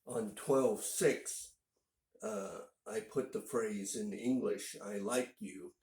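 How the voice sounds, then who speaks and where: A man from northern Indiana talks through a casual language lesson, explaining things patiently and stopping often to gather his words. His voice sits a little low and he takes his time. The room around him rings with echo. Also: darkish tone. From northern Indiana, USA. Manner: unhurried and explanatory, with frequent "uh" pauses. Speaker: language teacher.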